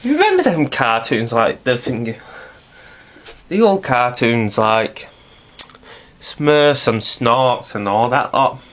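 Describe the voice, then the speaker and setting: A man's voice: medium pitch, very animated, takes it slowly, pauses often, a bit bright. A man, stuffy and nasal from hay fever, rambling chattily through a casual video review and swearing now and then.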